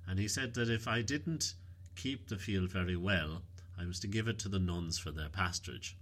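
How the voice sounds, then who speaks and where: A man voicing a shrewd, unflappable countrywoman who tells tall tales in a calm, matter-of-fact way. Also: deep voice, normal speed. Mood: deadpan.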